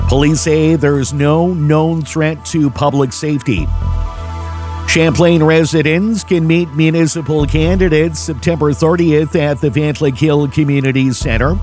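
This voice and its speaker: Radio morning guy reading the news slow and easy, bit high voice, faint music under. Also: darkish tone. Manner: measured, unhurried delivery. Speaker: radio morning show host. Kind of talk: radio news and host patter.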